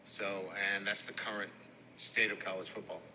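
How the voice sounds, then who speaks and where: A middle-aged man with a mixed Boston and Midwestern accent, speaking as a head football coach at a press conference. His voice is very bright and forward. He works through each answer haltingly, full of fillers and restarts. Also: fairly low pitch, flat delivery, a little hiss or hum, low-quality recording. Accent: Boston and Midwestern with some Louisiana.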